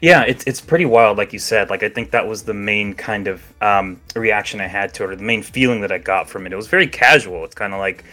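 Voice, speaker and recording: A man with a fairly low but bright, forward voice talks about game news in a loose, chatty way. He hedges a lot with filler words and laughs easily. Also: brisk, few pauses. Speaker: podcast co-host. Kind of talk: casual chat about video games.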